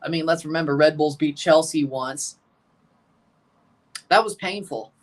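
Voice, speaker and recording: Reacting to a live football match, a streamer talks at a measured pace in a voice on the high side. He's chatty, calling out play in real time and responding to his audience, with nerves creeping in late.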